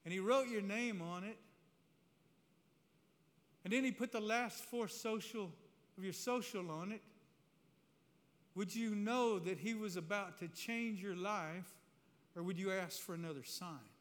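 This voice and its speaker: A man's voice: high-pitched, measured pace, long pauses, voice pushed up. A man doing a prophetic Caribbean island woman. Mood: solemn prophetic. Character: prophetic middle-aged island woman, intent and solemn. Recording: reverberant hall, faint room noise.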